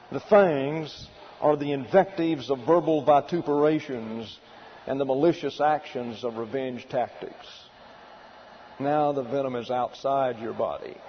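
A man preaching a sermon, working through numbered points in a deliberate, emphatic way. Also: medium pitch, highs cut off, slight background noise. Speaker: pastor.

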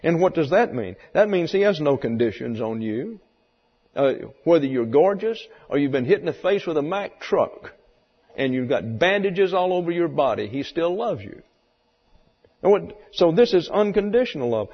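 A man's voice: a little high, sing-song, normal speed, slightly rough. A man teaching a sermon lecture in a folksy, explanatory way, asking rhetorical questions. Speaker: Bible teacher. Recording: muffled recording in a reverberant hall.

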